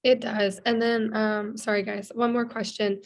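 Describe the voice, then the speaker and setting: A woman attending a webinar asks a follow-up question in a halting, hesitant way. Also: on the high side, level tone.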